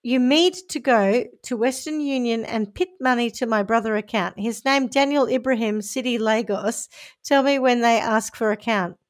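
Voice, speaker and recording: A woman's voice: fairly high pitch, moderate pace, lightly acted. Woman doing a pushy male romance scammer. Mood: wheedling. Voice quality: broken English, wheedling. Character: smooth-talking male romance scammer, pushy, broken English.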